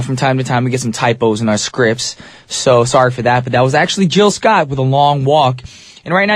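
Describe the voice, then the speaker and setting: Upbeat male radio DJ, slightly high voice. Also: no room sound, studio quality. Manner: upbeat and chatty, with casual slang. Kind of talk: morning radio show hosting. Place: radio studio. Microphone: studio microphone.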